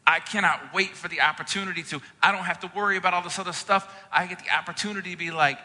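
Bright-voiced man preaching in a hall. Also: sits high, quick pace, hardly any pauses. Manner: earnest, conversational preaching with casual asides. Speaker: pastor. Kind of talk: sermon.

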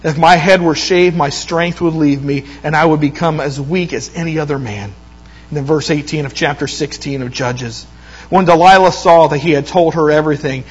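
High-voiced man preaching a sermon. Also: muffled recording. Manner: storytelling, retelling scripture with lively quoted voices.

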